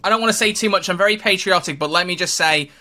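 A man's voice: sits high, pushed and bright, a little hiss or hum. A man co-hosting a podcast, chatting casually and teasing his co-hosts. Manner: jokey, teasing, quick restarts. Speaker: podcast co-host. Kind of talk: casual chat.

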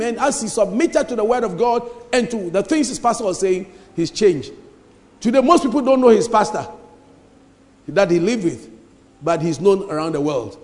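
A man preaching an emphatic sermon in a church, repeating lines and rising to shouts. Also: very high voice. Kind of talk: lively sermon. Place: church hall. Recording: reverberant church hall.

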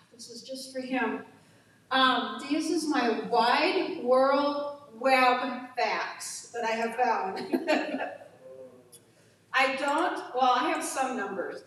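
A chatty, self-deprecating middle-aged woman talks casually, laughing at her own slips. Her voice sits a little high and comes from some distance. It rings in a very echoey room. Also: fairly bright tone. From United States. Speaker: presenter sharing facts. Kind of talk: casual chat.

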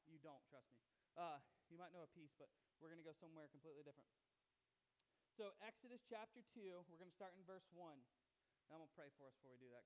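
A male pastor, preaching in a lively, conversational way and acting out the voices of the people in his stories. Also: a little high, fast, rough recording. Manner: animated, conversational preaching with acted-out quotes. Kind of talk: sermon.

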